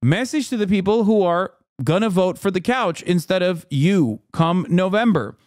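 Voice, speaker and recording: A man streaming political commentary, ranting in an animated, exasperated way and slipping into sarcastic mock voices. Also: high-pitched, normal speed, no echo, studio quality. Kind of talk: live-stream political commentary, reacting to chat.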